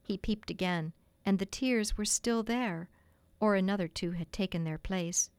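Woman storybook narrator, measured, mid-pitched, dry booth sound. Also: darkish tone, clear, resonant tone, dry recording. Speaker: audiobook reader.

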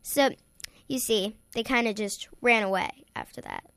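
A woman with a bright, ringing voice tells a playful story as host, bouncing between animated lines and hushed whispers. She sits close to a dry, dead mic. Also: fairly high pitch, normal speed, dry recording. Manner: lively, acts out voices, drops to whispers.

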